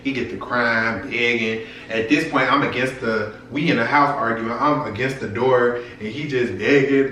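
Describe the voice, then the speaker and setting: A man's voice: medium pitch, unhurried, bright, forceful tone, distant mic, dull audio, slight background noise. A young man telling a personal story to his viewers in a frank, profane, casual way. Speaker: vlogger. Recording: echoey room, voice from off-mic.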